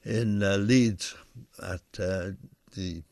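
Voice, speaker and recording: An older man, a singer co-hosting a live video show, chatting in a relaxed, reminiscing way with many fillers. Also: lowish voice, drawn-out words, no room sound. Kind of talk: casual chat.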